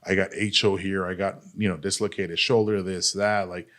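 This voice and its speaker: A man with a very low voice talks as a podcast guest. He tells his recovery story candidly and bluntly, swearing freely and leaning on "like" and "dude". His tone stays earnest as he shares his experience. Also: level tone, moderate pace, a bit bright. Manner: blunt and profane, heavy use of "like" and "dude"; earnest, speaks openly about pain and recovery. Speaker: podcast guest, army veteran.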